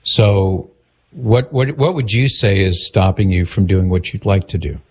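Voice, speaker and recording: A man's voice: low-pitched, a little slow, a little mellow, husky. A man hosting an advice call-in talk, direct and earnest, acting out the questions he suggests. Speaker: radio host giving advice.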